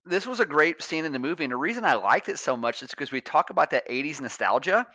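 A man's voice: a little high, animated, fast talker, sharp tone, dry recording, rough recording. A middle-aged man co-hosting a casual movie review podcast, rambling through stories with many fillers. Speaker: podcast co-host.

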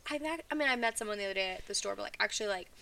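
A woman's voice: medium pitch, expressive, racing, creaky, bright, forceful tone, far from the mic, slight background noise. A woman co-hosting a casual chat podcast, talking loosely with lots of "like" fillers. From not from the US South. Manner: chatty, many "like" fillers. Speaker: podcast co-host.

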